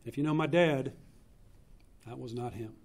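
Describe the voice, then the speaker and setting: A man in his fifties gives a eulogy for his older brother in a funeral home chapel, telling family stories in an earnest, unhurried way with pauses for effect. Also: mid-range voice. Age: 50s. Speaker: eulogist, younger brother of the deceased. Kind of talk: memorial eulogy, personal storytelling.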